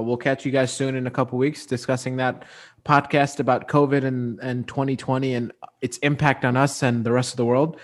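A man hosting a casual podcast with friends, joking and laughing often. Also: medium pitch. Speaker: podcast host. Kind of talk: casual chat among friends.

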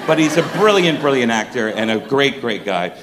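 A middle-aged male stand-up comedian telling a story on stage, animated and profane. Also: medium pitch, moderate pace, noisy background.

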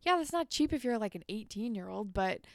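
A woman co-hosting a podcast casually recaps an episode, animatedly acting out the characters' lines as she retells it. Her mid-range voice is fairly quick and gravelly, captured in a dry, studio-quality recording.

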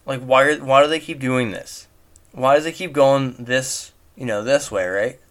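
A man's voice: medium pitch, moderate pace, fairly bright tone. A man giving casual spoken commentary on a movie at home, mocking it with incredulous rhetorical questions. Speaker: movie reviewer. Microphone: home recording.

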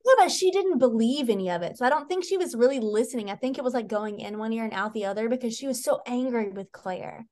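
A woman's voice: a little high, animated, quick pace, hardly any pauses, darkish tone. Gushing woman podcast co-host. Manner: gushing, retells scenes with quoted voices. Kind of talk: casual chat.

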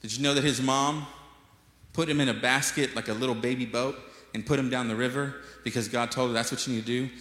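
A man's voice: mid-range voice, fast. Guy preaching a sermon, jokey storytelling, does little voices, big echoey church hall w/ long reverb. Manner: lively storytelling preacher, acts out voices, jokes with the congregation. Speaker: pastor.

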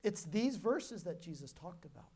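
A woman's voice: lowish voice, sing-song, moderate pace, dark tone, slightly rough. A woman preacher giving a sermon as a personal testimony, telling her story emphatically and often restarting her sentences.

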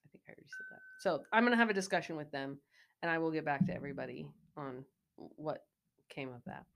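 A woman in her forties with a Midwestern accent, co-hosting a podcast in casual chat, playful and quick to laugh. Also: sits low, creaky. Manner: laughs often, animated and playful. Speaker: podcast co-host. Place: recorded in Wichita, Kansas.

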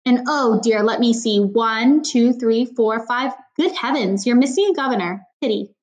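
A woman's voice: fairly high pitch, normal speed, close to an everyday voice. A woman reading a storybook aloud, voicing a suave, sarcastic older man who mocks his rival with exaggerated politeness. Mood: mocking. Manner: silky and sarcastic, polite on the surface. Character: suave, mocking older man, a wily leader.

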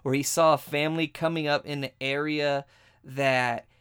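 A man hosting a podcast, telling a story as a crude, animated rant. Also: a little high, normal speed, smooth. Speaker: podcast host.

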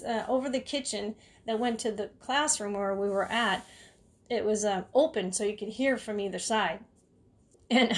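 Casting note: a chatty woman caregiver with a fairly high voice, telling stories casually. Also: a bit bright. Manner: chatty, frequent fillers and asides. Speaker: caregiver sharing advice. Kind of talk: casual storytelling talk.

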